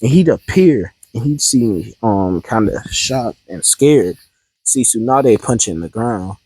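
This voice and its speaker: A man's voice: mid-range voice, lively intonation, measured pace, dark tone, breathy edge, dry recording, rough recording. A man casually improvising a fan-fiction story, rambling and hesitant with many ums and restarts.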